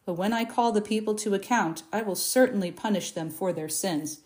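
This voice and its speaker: A woman reading a Bible passage aloud in a measured, expressive way, lifting her voice for the quoted speeches. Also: mid-range voice. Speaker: Bible reader. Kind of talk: scripture reading.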